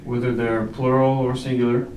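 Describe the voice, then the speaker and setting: A man patiently walks a student through a grammar rule, checking often that she follows. His voice comes from a distance in an echoey room. Steady noise runs underneath. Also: medium pitch, normal speed. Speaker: Spanish tutor. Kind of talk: explaining grammar at a whiteboard.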